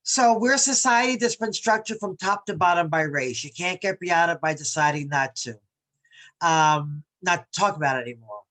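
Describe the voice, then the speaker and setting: A woman's voice: lowish voice, animated, moderate pace, a bit bright. A woman from New York leading a workshop on bias, talking conversationally and reading quotes aloud with emphasis. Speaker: diversity workshop presenter.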